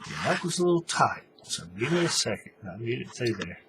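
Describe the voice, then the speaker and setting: A man's voice: medium pitch, big pitch swings, a little fast, background noise. A man giving a casual, folksy hands-on craft tutorial, talking while he works. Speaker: paracord tutorial maker.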